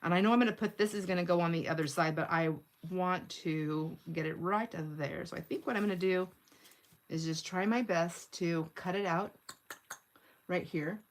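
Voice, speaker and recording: A woman's voice: on the low side, normal speed, a little hiss or hum. Chatty older woman crafting live. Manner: chatty, giggly, thinks aloud while working. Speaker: craft livestream host. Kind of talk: casual crafting livestream chat.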